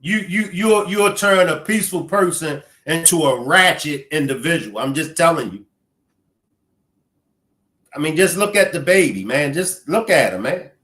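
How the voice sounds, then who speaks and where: A man's voice: a little high, animated, normal speed, a bit bright. A man giving emotional reaction commentary on a news story, emphatic, pleading, and repeating phrases.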